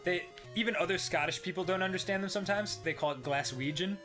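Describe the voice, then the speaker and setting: A man's voice: high voice, quick pace, music in the background. A man co-hosting a casual chat, telling stories with lots of laughter and voices. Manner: laughing, animated storytelling with impressions. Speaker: co-host.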